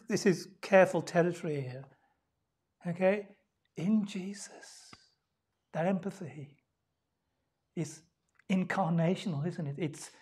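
A woman preaching a sermon in a church. She talks conversationally, asks the congregation questions, and swings from loud emphasis down to hushed near-whispers. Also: medium pitch. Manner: conversational, with rhetorical questions and laughs.

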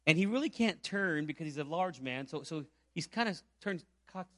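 High-voiced storytelling preacher from Puerto Rico. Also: male voice, animated, normal speed, bright, forceful tone, no room sound. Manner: storytelling, rhetorical questions. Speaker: pastor. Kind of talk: sermon.

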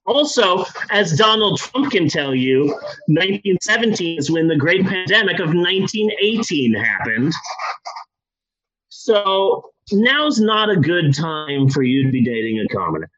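A man's voice: high voice, very animated, a little slow, a bit bright, heavily acted. A man voicing a stern older exiled ex-king lecturing his son, over dull lo-fi sound.

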